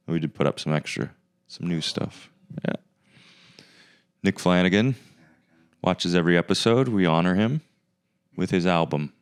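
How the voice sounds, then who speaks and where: A man's voice: low-pitched, unhurried, pauses often, clear, resonant tone, dry recording, clean studio sound. A man hosting his own comedy podcast, rambling in a sarcastic, mock-arrogant way. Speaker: podcast host. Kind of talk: casual comedic monologue.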